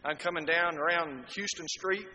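A middle-aged man preaching a sermon, swinging from quiet explanation to loud, emphatic appeals. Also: on the high side, normal speed, highs cut off. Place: church hall. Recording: long hall reverb.

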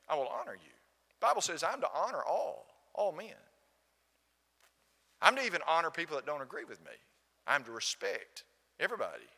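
Here a Southern-accented preacher from Alabama tells a story from the pulpit and quizzes his congregation as he goes. He speaks on the high side, sounding pushed and bright, with a long hall reverb around him.

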